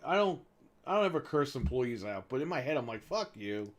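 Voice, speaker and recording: In a medium-pitched voice at a fairly quick pace, a male gaming-show co-host tells a long story casually. He's animated, swears freely, and acts out the people involved.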